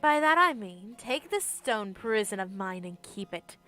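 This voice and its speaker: A woman's voice: medium pitch, expressive, measured pace, pushed and bright, faint music behind. A woman reading as a formal, lonely crystal spirit. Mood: solemn. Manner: formal, old-fashioned reading. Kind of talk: reading game dialogue aloud.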